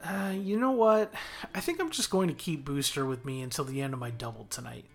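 A man's voice: mid-range voice, animated, fairly quick, creaky, faint music behind. A man reading aloud and voicing a kind-hearted young man who drives for animal control, shy and a little awkward. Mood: earnest.

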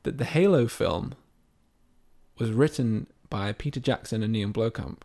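A man's voice: fairly low pitch, expressive, unhurried, creaky, warm tone. A man in casual chat as a podcast co-host, enthusiastically retelling game and film plots in a rambling way.

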